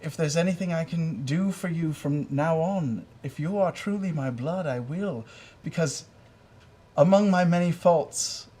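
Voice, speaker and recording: A man's voice: a little high, a little slow, warm tone. A man playing a sentimental scoundrel bard. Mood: pleading. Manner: earnest heartfelt speech, self-mocking. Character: roguish middle-aged bard, sentimental scoundrel father.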